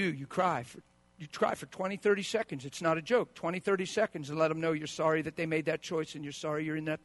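A man preaching a sermon as a pastor, swinging from quiet asides to loud, driving peaks. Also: no echo. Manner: mocks sentimental sympathy with a high, wailing put-on voice.

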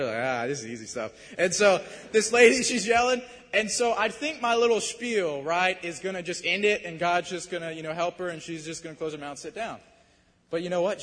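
A man preaching, telling a story in a casual, animated and self-deprecating way. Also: high voice, long reverb tail. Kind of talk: sermon storytelling.

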